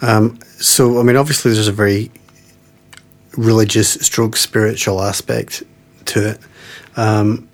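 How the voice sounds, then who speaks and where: A man hosting a podcast interview, asking questions in a halting, conversational way full of fillers. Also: lowish voice, fairly even intonation. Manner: hesitant, many fillers and backchannels.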